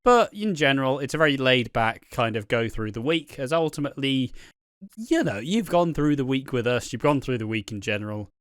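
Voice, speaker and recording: Young guy hosting a podcast, chill and sweary, smooth clear voice, dry sound. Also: medium pitch, sing-song, brisk, fairly bright tone, dry recording. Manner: laid-back and sweary, laughs often. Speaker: podcast host. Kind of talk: casual podcast chat.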